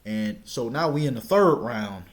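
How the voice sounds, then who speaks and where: A young man casually telling a personal story, stammering now and then and shouting out the lines he quotes. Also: medium pitch, animated, a little slow.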